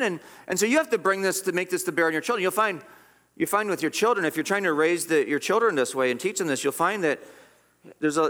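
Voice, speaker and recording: A man's voice: high-pitched, a bit bright. A man preaching a sermon as pastor, earnest and emphatic, often repeating and restarting his words.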